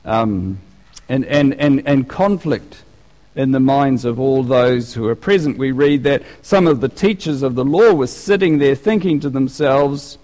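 A man delivers a sermon with lively, conversational energy, stopping and restarting his phrases as he works through his point. His voice sits at an ordinary middle pitch and carries a long reverb, as if preaching in a large church hall. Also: moderate pace. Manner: animated, conversational, with frequent restarts.

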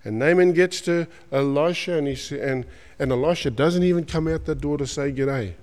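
A man's voice: fairly high pitch, normal speed, darkish tone, long reverb tail. A man with an Australian accent preaching a sermon, retelling stories in colloquial slang and acting out the characters. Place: church.

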